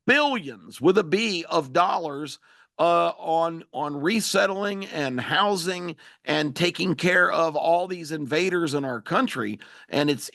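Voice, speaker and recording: A man's voice: on the high side, creaky, fairly bright tone, dry recording, studio quality. A man hosting a talk radio show, giving emphatic, opinionated political commentary.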